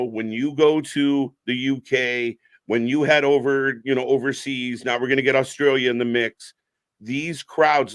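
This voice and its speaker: A man from Canada co-hosting a live wrestling stream, talking casually in a middle-pitched voice. He greets viewers by name and laughs often. The sound is dry and close. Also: no room sound.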